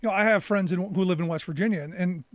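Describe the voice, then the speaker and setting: High, fast-talking male show host. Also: no echo. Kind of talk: interview questions.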